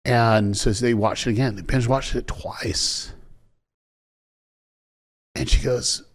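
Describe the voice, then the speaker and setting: A man being interviewed tells a story with animation. He acts out the voices he quotes and often repeats his words. His voice sits in a middle pitch. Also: fairly even intonation, slow. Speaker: executive producer guest.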